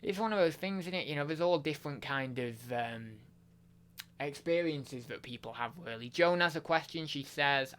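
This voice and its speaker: A man's voice: a little high, moderate pace, fairly bright tone, smooth. A man chatting casually on a live stream, rambling with lots of fillers and restarts.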